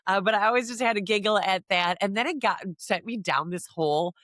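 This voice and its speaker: A woman's voice: mid-range voice, fairly quick, fairly bright tone, no room sound, studio quality. A middle-aged woman from the American Midwest, a podcast host chatting casually, rambling and giggling as she acts out quoted lines. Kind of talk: casual chat.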